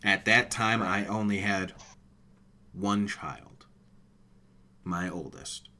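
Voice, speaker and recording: A man's voice: lowish voice, fairly even intonation, slow, bright, forceful tone. A man in his thirties co-hosting a casual gaming podcast, emotional and swearing often. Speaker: podcast co-host.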